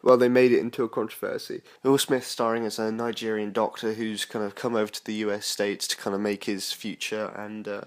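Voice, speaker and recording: A man's voice: fairly low pitch, little pitch movement, a little fast, few pauses. A young man from the United Kingdom giving a casual spoken film review, rambling with frequent fillers and restarts.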